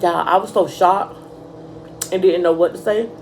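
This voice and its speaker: A young woman vlogger telling a casual storytime, animated and profane, calling her viewers y'all. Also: on the low side, normal speed, slight background noise, rough recording.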